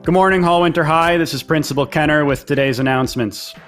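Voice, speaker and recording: A man's voice: on the high side, fast talker, fairly bright tone, soft background music, close to an everyday voice. Brief: peppy principal on the PA, done by a man, upbeat announcer delivery. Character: cheery male high school principal on loudspeaker.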